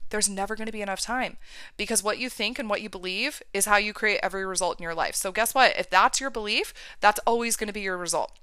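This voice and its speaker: A woman's voice: mid-range voice, bright, forceful tone, clean tone, no room sound. A woman life coach talking on a podcast, emphatic and casual, with the odd swear word.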